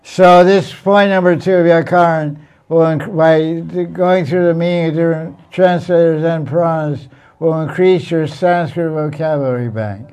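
A man's voice: on the high side, fairly even intonation, normal speed, a little mellow, smooth. A man teaching a Sanskrit class in a blunt, teasing way, often repeating himself. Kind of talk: informal classroom lecture.

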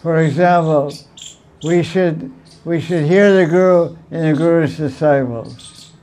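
A man teaching a devotional class, retelling stories in an animated way, repeating phrases and laughing now and then. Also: a little high, unhurried, slight background noise. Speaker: spiritual teacher.

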